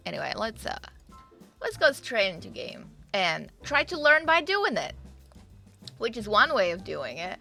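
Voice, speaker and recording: A woman's voice: on the high side, sing-song, moderate pace, gravelly, bright, forceful tone. A young woman streaming live, chatting casually and rambling to her viewers with fillers and the odd swear. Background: faint game music.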